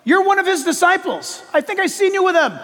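A man's voice: very high-pitched, lively intonation, a little fast, fairly bright tone, long reverb tail, voice pushed up, rough recording. A preacher voicing a suspicious bystander who insists a man is one of the disciples. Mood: accusing. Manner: insistent, pointing the finger.

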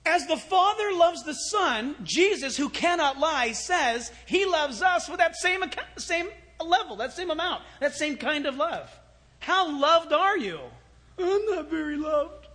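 A man preaching a sermon as pastor, animated, swinging from loud exclamations to hushed storytelling. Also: extremely high pitch, measured pace.

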